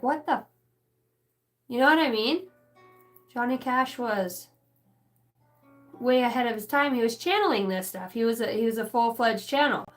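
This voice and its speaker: A woman giving a rambling, casual channeled reading, swearing freely and talking straight to her listeners. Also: high voice. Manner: rambling, profane, chatty. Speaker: spiritual channeler.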